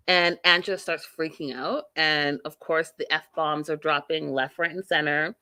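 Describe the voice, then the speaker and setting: A woman's voice: lowish voice, moderate pace, few pauses, clean tone. A woman hosting a TV recap show, giving blunt, opinionated commentary to her viewers and swearing freely. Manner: animated, talks directly to viewers.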